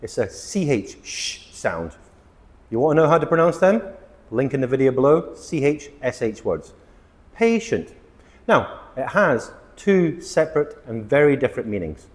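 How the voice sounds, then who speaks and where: A man teaching English vocabulary to camera, excitable, stressing and repeating words as he explains them. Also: medium pitch, normal speed, big-room sound. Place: outdoors near palm trees.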